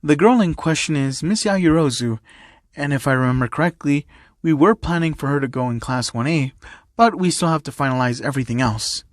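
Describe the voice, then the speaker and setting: A patient, fatherly school principal, read aloud by a man, calm and measured with a hint of weary exasperation. The voice is fairly high for a man, recorded dry and close. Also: no room sound, lightly acted.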